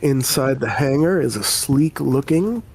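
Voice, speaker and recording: Unhurried man narrating a tabletop game. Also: medium pitch, expressive, a little mellow, slightly rough. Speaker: game master.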